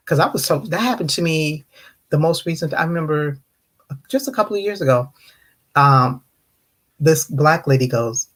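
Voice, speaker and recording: An American livestream host, slightly tipsy from wine, chats casually with viewers in an open online discussion panel, greeting and answering them. She tells stories animatedly, mocking others' rude questions in mimicking voices, at a medium pitch and fairly quick pace.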